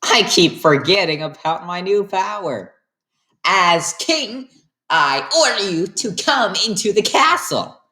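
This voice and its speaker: Woman doing a pompous king, high and theatrical, drawn-out, smug and unhinged. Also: lively intonation, sharp tone, roomy sound, heavily acted.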